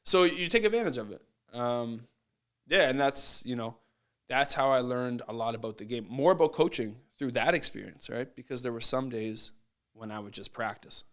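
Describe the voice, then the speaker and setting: A man guesting on a podcast as a basketball coach, telling stories in a casual, animated way and acting out what people said. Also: mid-range voice, moderate pace, clear, resonant tone. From Nova Scotia, Canada. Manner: animated, acts out quoted voices. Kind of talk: casual storytelling.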